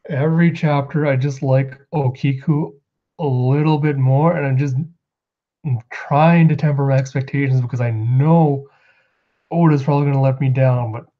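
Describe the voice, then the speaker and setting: A man casually recapping comic chapters as a show host, rambling and acting out character lines in quick put-on voices. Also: mid-range voice, muffled recording. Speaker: manga reviewer.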